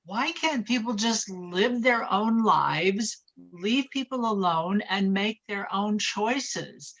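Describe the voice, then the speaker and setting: A woman's voice: mid-range voice, lively intonation, slow pace, fairly bright tone. A woman in her sixties speaking earnestly and reflectively in a group discussion. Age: 60s. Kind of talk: conversational discussion.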